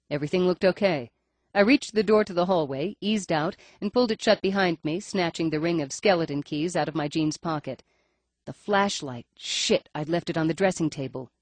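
A woman's voice: lowish voice, dry recording. A woman reading a first-person audiobook in a wry, dry storytelling manner. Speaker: audiobook narrator.

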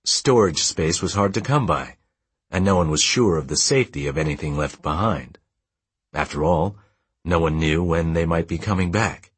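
An audiobook narrator with a deep, husky male voice reads scripted narration in a steady, measured storytelling style. There's no room sound.

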